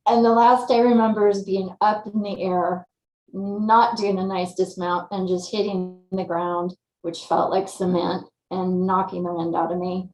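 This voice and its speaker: Animated woman storyteller in an echoey room. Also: mid-range voice, unhurried. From California. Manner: animated storyteller, acts out her own thoughts. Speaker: interview guest. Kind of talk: casual storytelling.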